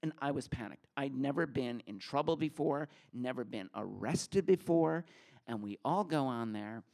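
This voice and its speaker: A man telling a personal story at a live story slam, lively and animated. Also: medium pitch, moderate pace, creaky. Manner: animated, acts out the other people in his story. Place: theater stage before a live audience.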